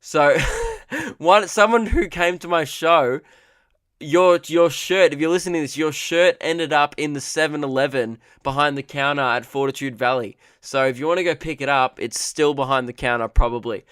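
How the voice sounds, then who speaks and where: A man's voice: fairly high pitch, normal speed, a bit bright, clean tone, no room sound, clean studio sound. A man hosting a comedy podcast, telling a story casually, rambling with restarts and fillers and swearing freely.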